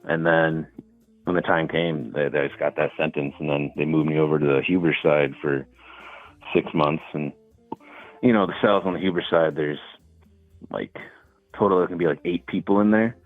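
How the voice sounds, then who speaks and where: A very low-voiced man calling in over a thin, tinny phone line. He tells his stories in a laid-back, rambling way, full of "like" and "you know." The line sounds dry and close. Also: fairly even intonation, normal speed, pauses often, no echo, soft background music. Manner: laid-back storytelling with fillers. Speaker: caller. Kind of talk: casual phone call.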